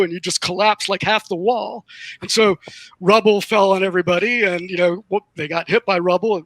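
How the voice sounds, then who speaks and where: A man, a game master, telling a casual anecdote on a panel over a video call, relaxed and amused. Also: high voice, fairly quick, no room sound, poor audio.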